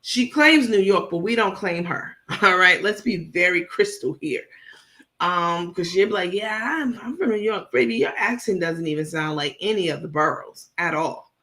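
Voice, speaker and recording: A woman's voice: on the low side, normal speed, fairly bright tone. A woman hosting a livestream, talking bluntly and gossiping while reading out chat comments, with frequent fillers. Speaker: livestream host.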